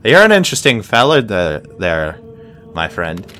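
A man voicing a fussy, curt halfling apothecary in a brisk, clipped, slightly raised voice. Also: lowish voice, expressive, fairly bright tone, a little hiss or hum.

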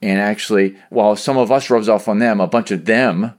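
A man's voice: on the low side, fairly quick. A man hosting a podcast, asking long, thoughtful, probing questions. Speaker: podcast host. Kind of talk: interview questions.

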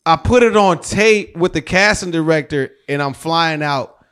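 A man, an actor, telling a story in casual, slangy talk, animated and swearing freely. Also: a little high, normal speed, clean tone. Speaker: actor guest.

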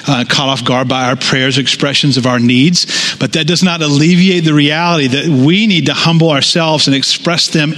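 A man delivers a sermon as the pastor, his voice sitting somewhat high for a man. He reads passages aloud with weight, then drifts into relaxed, conversational asides. His delivery is lively and unscripted. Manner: reads scripture aloud, then talks casually and animatedly with asides.

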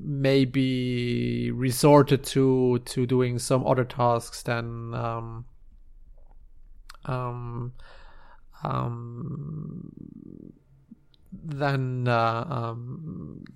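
A man narrating a tabletop game scene as game master, halting and searching for words with many restarts. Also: mid-range voice, creaky, clean tone.

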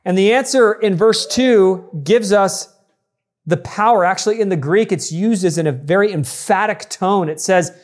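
A man with a high-pitched voice preaching an expository sermon. He teaches with emphasis, repeating key points and speaking straight to the congregation. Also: normal speed. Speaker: pastor.

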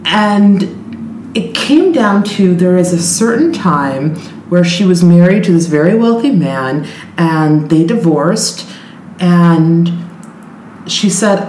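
A woman hosting a casual chat, telling an anecdote in an animated way and laughing often. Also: lowish voice, slow pace. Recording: echoey room with faint noise.

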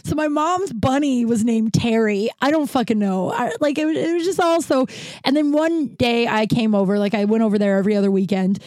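A woman telling a personal story casually, rambling with many fillers and correcting herself, laughing wryly at dark memories. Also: a little high, fairly quick, dry recording. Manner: rambling, heavy use of "like", self-correcting.

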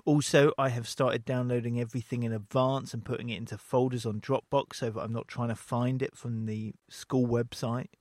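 A man's voice: medium pitch, level tone, normal speed, few pauses, darkish tone, no room sound. Chatty man, dry close sound. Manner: chatty, jokey, with playful put-on voices. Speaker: podcast co-host. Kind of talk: casual podcast chat.

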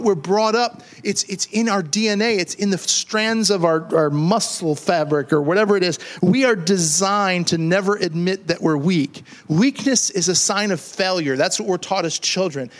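A man's voice: sits high, normal speed, few pauses. A middle-aged man preaching a sermon as pastor, conversational and joking, often repeating words as he builds a point.

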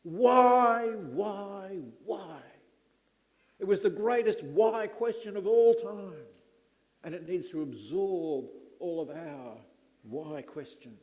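A middle-aged man preaching a sermon, slow and emphatic with dramatic pauses. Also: fairly high pitch, mellow, long reverb tail.

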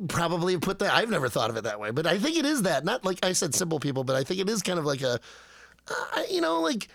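A man's voice: high-pitched, wildly swooping pitch, quick pace, vocal fry, fairly bright tone, dry recording. A man co-hosting a podcast in casual chat, joking, rambling and swearing. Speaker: podcast co-host.

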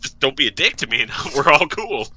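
A man's voice: medium pitch, sing-song, a little fast, bright, forceful tone, breathy edge, no echo. A man in a casual chat, laid-back, swearing and calling people "man" and "dude".

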